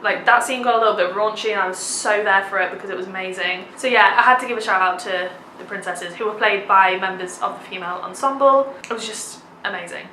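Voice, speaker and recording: A woman's voice: mid-range voice, quick pace, hardly any pauses, sharp tone, roomy sound, a little hiss or hum, poor audio. A young woman vlogging a theatre review, gushing with enthusiasm and dropping lots of "like"s. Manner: gushing, enthusiastic, many filler "like"s. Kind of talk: casual theatre review vlog.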